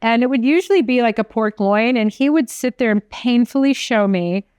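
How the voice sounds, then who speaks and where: A woman's voice: on the high side, moderate pace, clean tone, dry recording, studio quality. A woman chef co-hosting a podcast, telling rambling family food stories in casual chat. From from an Italian American family. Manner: chatty, animated storyteller, trails off mid-sentence.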